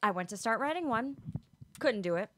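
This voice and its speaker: A woman's voice: a little high, animated, a little fast, slight background noise. A woman podcast co-host reads her own steamy romance story aloud, slipping into whispers, then chats casually and laughs a lot. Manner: dramatic reading, dropping to a whisper, laughing often.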